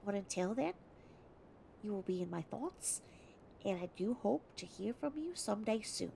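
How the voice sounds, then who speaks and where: A woman putting on a gentle Australian letter writer. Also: mid-range voice, animated, normal speed, creaky, a little hiss or hum. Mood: earnest, kind. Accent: put-on Australian. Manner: earnest, heartfelt letter reading. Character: gentle caring Australian woman in her thirties writing a letter.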